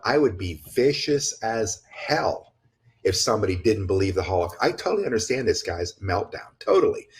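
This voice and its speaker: Low-voiced guy on a podcast, blunt and emphatic, swears a lot, rambles and restarts. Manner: rambling with frequent restarts and asides. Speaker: podcast guest speaker. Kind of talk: casual conversational podcast talk.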